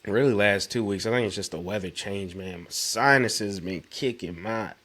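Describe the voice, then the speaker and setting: A man in his thirties co-hosting a podcast, hoarse from sinus trouble, chatting casually and telling animated, slangy stories. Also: fairly low pitch, moderate pace. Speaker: podcast co-host. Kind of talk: casual chat.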